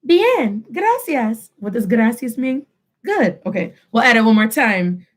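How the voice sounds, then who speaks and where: Woman, 30s, teacher, online language lesson, animated, slightly high voice, repeats phrases, switches between English and Spanish. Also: moderate pace.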